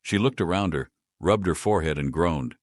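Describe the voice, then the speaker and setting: A man reading a story as scripted narration in a steady storytelling manner. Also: deep voice, moderate pace, no echo, studio quality.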